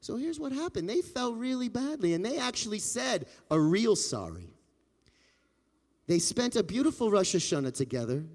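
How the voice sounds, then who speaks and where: Playful guy telling a kids story at temple, goofy sound effects, high voice, echoey. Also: very animated, normal speed, a little mellow. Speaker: storyteller at family service. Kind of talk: children's story sermon. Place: temple sanctuary.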